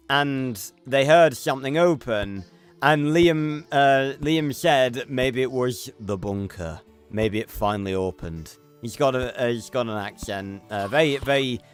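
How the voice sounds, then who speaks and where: Livestreaming a game, a streamer with a mid-range, slightly bright, clean voice chats casually, rambling with many fillers and restarts.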